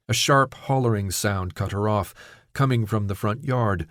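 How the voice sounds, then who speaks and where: A man reading an audiobook novella in steady, measured scripted narration. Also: on the low side, no echo, studio quality.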